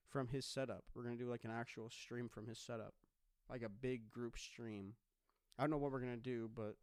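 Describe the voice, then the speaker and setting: A man's voice: mid-range voice, a little mellow, smooth, no echo, clean studio sound. A man hosting a solo podcast, chatting casually in a rambling, joking way with lots of swearing. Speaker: podcast host.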